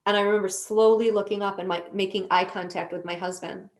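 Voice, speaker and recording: A woman on a podcast as a guest, telling her own story in an earnest, slow, deliberate way. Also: medium pitch, steady tone. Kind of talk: emotional personal storytelling.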